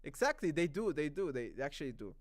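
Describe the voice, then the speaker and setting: A man's voice: fairly high pitch, very animated, fast talker, dry recording, studio quality. A young man from Mexico with a Mexican Spanish accent, rambling through a casual live-stream movie review, repeating himself and laughing easily.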